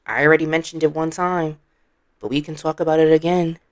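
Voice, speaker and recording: A commentary vlogger with a blunt, sassy manner, talking straight to the audience. The voice sits mid-pitch and sounds close and dry. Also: fairly even intonation, a little fast, no echo. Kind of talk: casual commentary.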